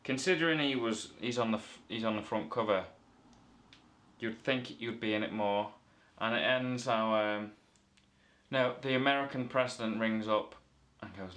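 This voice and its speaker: A man's voice: on the low side, normal speed, a bit bright. A man from the north of England giving a rambling, playful comic movie review full of self-corrections.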